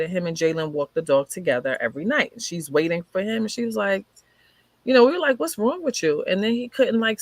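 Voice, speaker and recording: A woman's voice: on the low side, a bit bright, no echo. A woman telling a personal story in a conversation, acting out what people said as she goes. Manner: vivid retelling, acting out what others said. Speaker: guest sharing her life story. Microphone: video call.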